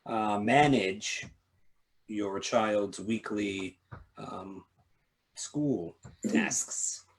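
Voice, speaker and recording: With a fairly low pitch and drawn-out words, this podcast co-host keeps a casual happy-hour live stream lively. He's playful and jokey, animated in delivery, firing questions at his co-hosts and teasing them.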